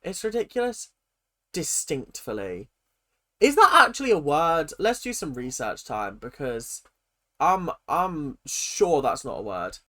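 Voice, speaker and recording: A woman hosting a comic reaction video in a low voice that swoops up and down a lot. She is sarcastic and giggly and plays up mock outrage. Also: very animated, measured pace, a bit bright.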